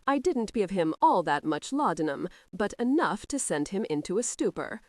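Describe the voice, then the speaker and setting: A woman narrator voicing a calm male manservant who speaks softly and deferentially. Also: medium pitch, moderate pace, no echo, clean studio sound, lightly acted. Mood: gentle. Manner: soft, deferential, soothing.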